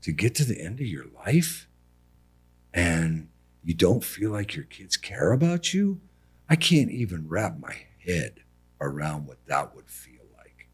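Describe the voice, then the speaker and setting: A middle-aged American man telling family stories as a podcast guest in a casual, animated way. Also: a little slow, breathy edge. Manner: animated, mimics his mother in a high voice. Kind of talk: casual storytelling.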